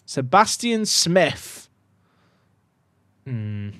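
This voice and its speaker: A young man giving casual, excitable commentary on his game to his chat, swinging from muttering to loud outbursts. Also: on the high side, normal speed, no echo. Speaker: gaming YouTuber.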